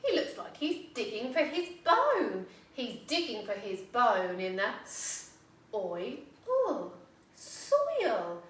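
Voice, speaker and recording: An English woman, an infant school teacher, giving a phonics lesson to young children in a slow, sing-song, encouraging way and sounding words out. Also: fairly high pitch, sing-song, a bit bright. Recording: echoey room, voice from a distance, faint background noise.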